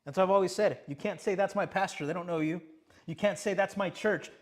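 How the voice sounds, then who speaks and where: A young male pastor delivers a sermon, his voice sitting a little high. He presses his points repeated rhetorical questions and answers them himself. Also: a little fast. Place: church sanctuary.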